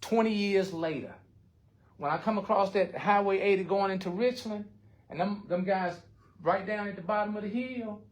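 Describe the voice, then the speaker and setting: A man's voice: high-pitched, normal speed. An older man, speaking bluntly and with heart in a recovery support circle, often swearing. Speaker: recovery group member.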